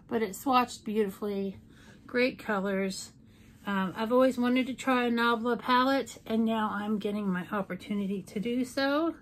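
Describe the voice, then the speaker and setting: Playful beauty vlogger lady, kinda high voice, chatty makeup tutorial vibe. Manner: chatty and playful, with jokey asides. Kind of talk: casual makeup tutorial chat.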